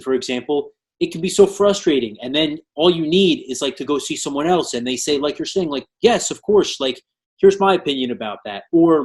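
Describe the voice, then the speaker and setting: Casual, slightly high-voiced podcast host man. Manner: casual, many fillers like "like".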